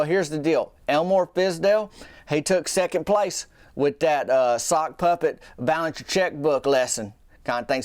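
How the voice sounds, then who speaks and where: A man's voice: on the high side, no echo. A man telling a comic story in a rambling, folksy way, full of restarts and asides. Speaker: storyteller host.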